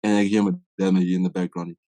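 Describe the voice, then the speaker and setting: A man's voice: sits low, level tone, quick pace, dark tone, no room sound. A young man from Africa, a podcast guest, telling a story in a casual way. He acts out quoted dialogue and often uses "like" as a filler.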